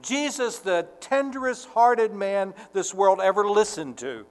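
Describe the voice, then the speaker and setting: Slow, earnest male preacher in a hall. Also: high-pitched. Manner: earnest, slow and deliberate, swelling to fervent emphasis. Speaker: pastor. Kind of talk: sermon.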